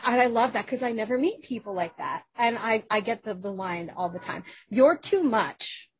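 A woman, an actress and podcast guest, talking in a casual interview, hyper and energetic, acting out what people said to her as she tells her stories. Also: mid-range voice, brisk, a little hiss or hum, poor audio. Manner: animated storyteller who acts out quoted dialogue.

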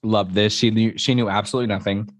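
A man's voice: fairly low pitch, steady tone, fast talker, no echo. A young man co-hosting a podcast, chatting casually and telling candid stories with frequent laughter. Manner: candid, giggly storytelling. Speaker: podcast co-host. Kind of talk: casual chat.

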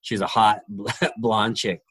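A man's voice: on the low side, flat delivery, slow, a bit bright, breathy edge. A man in his forties, a guest on a podcast, chatting casually in a laid-back, self-deprecating way. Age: 40s. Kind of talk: casual chat.

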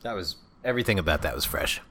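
A man's voice: low voice, animated, fast, pushed and bright. A young man co-hosting a podcast, chatting casually and gushing enthusiastically about the food he tastes. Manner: enthusiastic, rambling, savoring food. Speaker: podcast co-host. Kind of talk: casual food review chat.

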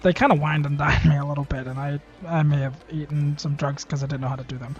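A man's voice: a little high, fairly even intonation, fast. A man playing in a tabletop game, joking and hesitant with fillers. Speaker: player. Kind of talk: casual tabletop game play. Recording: slightly muffled recording with faint music.

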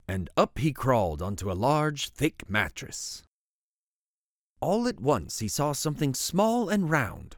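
Animated storybook reader with a dry close voice. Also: male voice, mid-range voice, a little slow, dry recording. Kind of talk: reading a bedtime picture book aloud.

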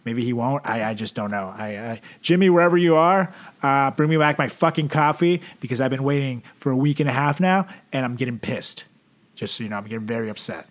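A man's voice: mid-range voice, lively intonation, a little fast. Joking mock-pompous podcast co-host man. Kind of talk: comedic casual chat.

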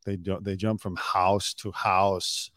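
A man's voice: sits low, flat delivery, slow pace, a bit bright, no echo, studio quality. A man, a podcast host and former celebrity news cameraman, in casual comedic chat, joking and sarcastic as he tells stories. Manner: joking, sarcastic, storytelling with put-on quotes.

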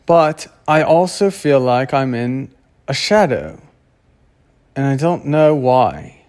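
A man speaks at an unhurried, drawn-out pace in a loose, casual monologue. He wanders through his thoughts, breaks off mid-sentence and gropes for words before carrying on. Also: mid-range voice, lively intonation, a little mellow. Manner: rambling, searching for words, self-interrupting. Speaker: vlogger.

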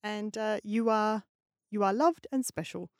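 A woman's voice: mid-range voice, unhurried, darkish tone, no room sound, clean studio sound. A woman, co-hosting a podcast in casual chat, playful and ill. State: ill, under the weather. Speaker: podcast co-host.

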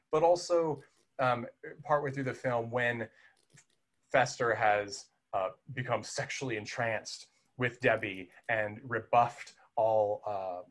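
Male podcast reviewer, mid-pitched, chatty and animated, loose with fillers. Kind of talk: casual film discussion.

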